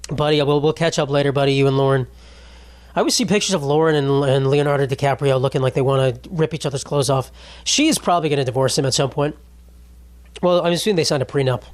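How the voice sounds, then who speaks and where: A young man in his twenties rambles through a casual solo podcast, swearing freely and tacking "bro" onto his jokes. His voice sits a little high. The sound is close and dry, with no room around it. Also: no room sound. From United States. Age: 20s. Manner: rambling, profane, jokey, trailing off with "bro" and "dude". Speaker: podcast host.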